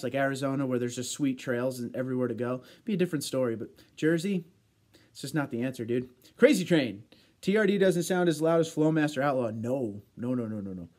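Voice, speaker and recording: A man's voice: medium pitch, a little mellow. A man hosting a casual livestream, reading out viewer comments in a chatty way and laughing often. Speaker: livestream host.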